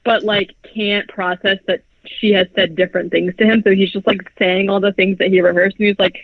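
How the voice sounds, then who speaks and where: High-voiced man recapping a movie. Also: steady tone, no room sound. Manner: rambling, filler-heavy, acts out film lines in quick voices. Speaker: podcast host. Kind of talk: casual movie recap chat. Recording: dull lo-fi podcast audio.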